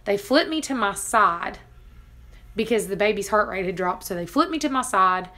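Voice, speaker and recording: A woman's voice: medium pitch, lively intonation, normal speed, bright, forceful tone. A woman vlogger casually retelling a dramatic personal story, laughing now and then between lines. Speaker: family homestead vlogger.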